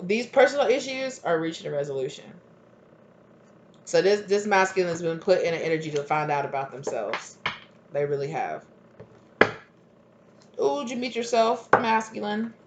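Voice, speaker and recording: A woman giving a casual tarot reading, chatty and emphatic, with lots of fillers and quick laughs. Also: fairly low pitch, noisy background. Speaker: tarot reader.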